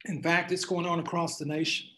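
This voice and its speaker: A man lectures a class in a room full of people, talking conversationally and often restarting his phrases. His voice sits somewhat high for a man. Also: flat delivery, brisk, sharp tone, slight background noise, rough recording. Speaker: attorney giving a class talk.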